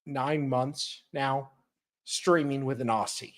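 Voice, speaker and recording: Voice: mid-range voice, steady tone, slow pace. An American co-host chatting casually on a live stream. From United States.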